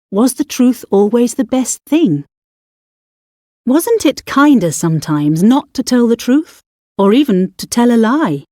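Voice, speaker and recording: Reading scripted audiobook narration, a female narrator tells a story with measured expressiveness, her pitch lively and varied. The recording is close and dry, with no echo.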